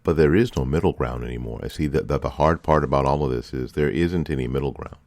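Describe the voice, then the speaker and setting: Male show host, extremely low voice, dry close sound, fervent repetitive rhetoric. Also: quick pace, a little mellow, no room sound. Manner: impassioned, repetitive rhetorical questions. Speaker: political commentary host. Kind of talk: opinion monologue.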